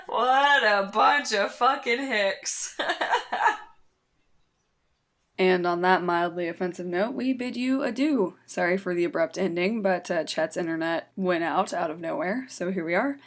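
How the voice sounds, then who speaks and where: Teasing, profane woman podcast host. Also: lowish voice. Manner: teasing and profane, quick to laugh. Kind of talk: casual chat.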